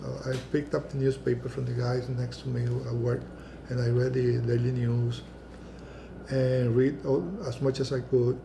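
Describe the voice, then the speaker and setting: An older man whose first language is Spanish, telling his life story at an oral history panel, halting and restarting often and acting out the people he quotes. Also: medium pitch, level tone, gravelly, background noise. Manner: halting, many restarts, acts out quoted voices. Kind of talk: personal storytelling.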